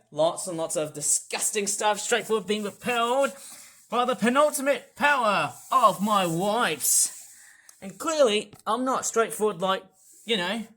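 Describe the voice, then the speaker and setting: Australian male vlogger with a high voice, rambling, upbeat and repetitive, casual chat at home. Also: pushed and bright. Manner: rambling, chatty, upbeat, repeats himself. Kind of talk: casual vlog chat while cleaning. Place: his own house, indoors.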